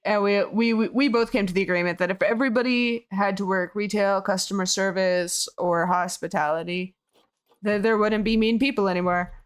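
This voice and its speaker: A hoarse woman streamer chatting casually with her viewers, rambling, laughing often and swearing freely. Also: mid-range voice, steady tone, normal speed. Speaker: game streamer. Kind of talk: casual chat with viewers while building.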